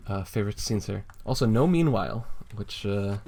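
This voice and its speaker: A young man with a low voice hosts a casual podcast. He rambles through a comic with lots of filler and frequent giggles. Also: expressive, moderate pace, creaky, darkish tone. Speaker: podcast host.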